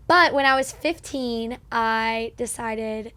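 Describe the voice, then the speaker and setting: A woman guest on a podcast, telling lively stories about her first job in casual chat. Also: fairly high pitch, slow.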